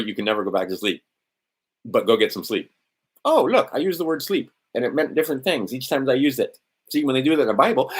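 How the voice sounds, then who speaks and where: With a husky, medium-pitched voice, a middle-aged man hosting a legal maxims stream rambles casually as he scrolls through a document on screen, tossing in sardonic, profane asides.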